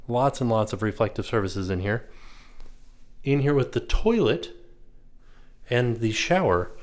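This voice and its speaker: A man in his thirties narrating a casual walk-through of a hotel room as a vlogger. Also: mid-range voice. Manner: chatty, points things out as he walks.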